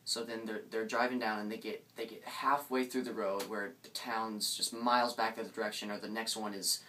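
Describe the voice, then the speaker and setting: A man's voice: fairly low pitch, level tone, brisk, bright, forceful tone. A young man casually telling a ghost story, hesitant with many restarts and building suspense, recorded from a distance with faint background noise.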